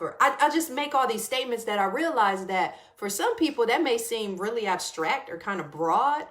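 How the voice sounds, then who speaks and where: A woman hosting a casual wellness livestream, talking loosely to her viewers and greeting them by name as she goes. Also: on the high side. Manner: warm, chatty, greets viewers by name mid-talk.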